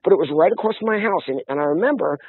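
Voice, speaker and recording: A man telling stories in casual conversation, animated and full of restarts. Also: high-pitched, rapid-fire, breathy edge, dry recording. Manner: animated storytelling with many restarts. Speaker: guest. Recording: tinny phone-line sound, dry.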